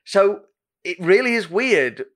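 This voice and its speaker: A man's voice: sits high, very animated, slow, a bit bright. A man hosting a podcast, chatting casually with self-deprecating asides and plenty of ums. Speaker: podcast host. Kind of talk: casual chat.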